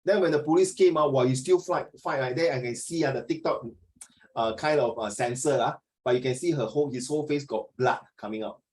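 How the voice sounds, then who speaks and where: On a low-quality video call recording, a middle-aged man with a Singaporean English accent teaches an online class. His mid-range voice moves a little fast as he tells chatty, animated stories and slips into Mandarin.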